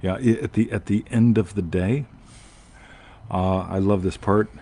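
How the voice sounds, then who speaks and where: A man's voice: fairly low pitch, fairly even intonation, unhurried, dark tone, breathy edge. A man hosting a show, telling a long personal story in a rambling casual way and often asking "right?". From United States. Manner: rambling, self-interrupting, frequent "right?". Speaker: podcast host.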